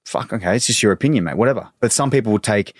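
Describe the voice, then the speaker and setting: An Australian ex-footballer in his thirties tells stories on a casual podcast, swearing freely and doing quoted voices for the people in his anecdotes. His voice sits on the low side and comes out rapid-fire. The recording is dry and has clean studio sound.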